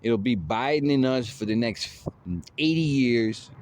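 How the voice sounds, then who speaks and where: A man's voice: medium pitch, a little slow, darkish tone. A man rambling in a casual monologue, drawling with lots of fillers like "you know" and "man".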